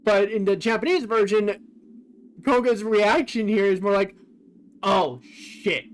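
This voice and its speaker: A man's voice: sits high, fairly even intonation, moderate pace, clear, resonant tone. A man streaming a game, casually thinking aloud and reading quoted lines in a plain voice. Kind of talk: casual commentary on a game's translation.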